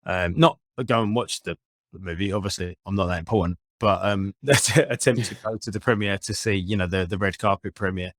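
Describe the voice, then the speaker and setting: A man co-hosting a casual podcast chat, halting and often repeating his words. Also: low-pitched, no echo, studio quality. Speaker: podcast co-host.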